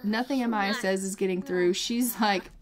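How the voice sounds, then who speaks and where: A woman's voice: mid-range voice, moderate pace. A woman narrating her life-simulation gameplay, chatty and dramatizing what the characters say. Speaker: let's play narrator. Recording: game chatter in background.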